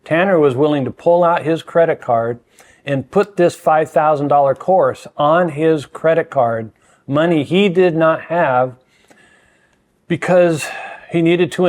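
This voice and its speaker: An older man with a slightly high voice talks as a mentor on a podcast. He sounds earnest and measured, leaning into key points with emphasis. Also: darkish tone. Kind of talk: reflective conversation.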